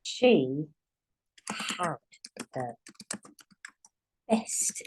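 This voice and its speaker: A woman teaching a writing lesson, speaking patiently and dictating words slowly as she writes them out. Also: sits low, very animated, darkish tone, slight background noise. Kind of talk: dyslexia writing lesson, thinking aloud while writing.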